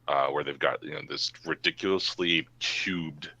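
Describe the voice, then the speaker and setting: A man with an extremely low voice that still has a bright, forceful edge. He plays a tabletop game in a loose, playful ramble full of fillers. The sound is dry and close. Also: normal speed, creaky, breathy edge, no echo. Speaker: player. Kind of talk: casual tabletop game play.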